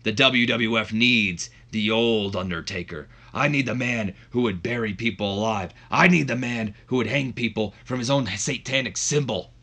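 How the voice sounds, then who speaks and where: A man voicing a furious older wrestling company boss who pleads and shouts, in a rough half-mocking impression. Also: mid-range voice, normal speed, hardly any pauses. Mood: pleading.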